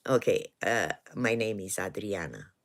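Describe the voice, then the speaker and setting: A woman's voice: rumbling low, animated. A woman in her sixties from Romania with a Romanian accent, chatting casually and hesitantly on a live stream from her home. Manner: hesitant, many pauses and fillers, chuckles often. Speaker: livestream host. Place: home in the woods.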